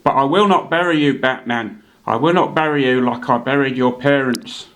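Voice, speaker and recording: A man voicing an elderly butler who is deadpan and hard of hearing. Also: medium pitch, normal speed, close to an everyday voice.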